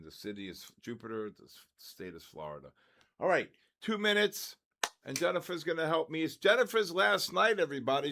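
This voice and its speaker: An older man hosting a trading livestream, cheerfully calling out raffle winners in a drawn-out announcer way. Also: medium pitch, vocal fry, noisy background. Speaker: trading stream host.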